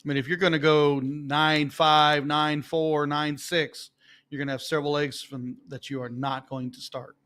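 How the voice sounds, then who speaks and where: Male color commentator for darts, relaxed chat, slightly raised pitch. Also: moderate pace.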